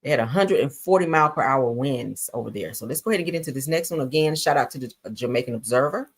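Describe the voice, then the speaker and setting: A low-pitched woman with hosts a casual live stream. Her pitch swings widely as she reacts to the clips, and she drops swear words and playful asides as she goes. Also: fast talker, slightly rough. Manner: animated, swears freely, laughs, playful asides. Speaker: commentary show host.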